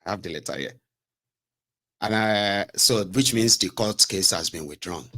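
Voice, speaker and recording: A man's voice: on the low side, normal speed, pushed and bright. A man with a Nigerian accent giving casual political commentary in a rambling, mocking way, slipping between English and pidgin. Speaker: commentary host.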